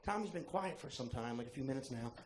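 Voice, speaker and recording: A man doing stand-up, telling a crude, animated story and shouting the punchlines. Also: medium pitch, quick pace. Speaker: stand-up comedian. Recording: echoey room, faint background noise.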